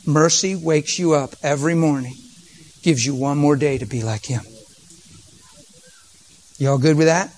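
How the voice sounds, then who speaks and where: A man preaching, telling a story with vocal sound effects and sometimes dropping to a soft near-whisper. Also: on the high side, measured pace, long pauses, a little hiss or hum. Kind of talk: storytelling sermon.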